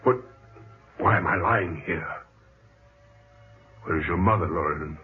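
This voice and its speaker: An actor in an old-time radio drama playing a long-dead, old-fashioned male ancestor who speaks slowly, formally and haltingly. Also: low voice, soft background music. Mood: bewildered. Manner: slow, formal, halting speech. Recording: muffled, hissy old radio transcription.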